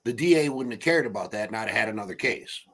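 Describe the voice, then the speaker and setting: Blunt husky man in casual chat. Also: on the low side, lively intonation, fast, fairly bright tone. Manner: blunt, swears freely, laughs through stories. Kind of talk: casual recovery group chat.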